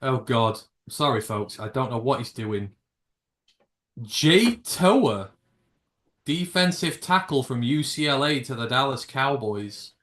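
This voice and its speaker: A man's voice: medium pitch, sing-song, takes it slowly, a bit bright. A British man hosting a live reaction stream, rambling and jokey, with casual swearing. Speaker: livestream host.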